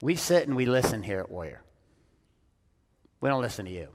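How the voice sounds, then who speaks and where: A man leading a business audience as a coach, talking bluntly and with lots of swearing, swinging between loud emphatic bursts and hushed, intense passages. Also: mid-range voice, sing-song, a little fast, big-room sound, noisy background. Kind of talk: profane motivational talk on stage.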